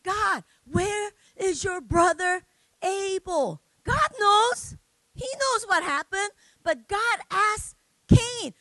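A woman delivers a sermon in a very high, crisp and bright voice. She speaks unhurriedly and conversationally, tagging points with quick questions to her listeners. The sound is close and dry. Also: no room sound. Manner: conversational preaching, tags "right?", acts out examples. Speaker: preacher.

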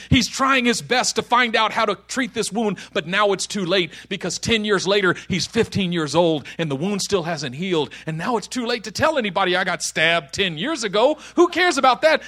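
A man preaching a sermon, telling a story and acting out the voices in it, dropping to a hush and then rising to shouts. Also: high voice, slightly rough. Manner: storytelling with acted voices, swings from hushed to shouting.

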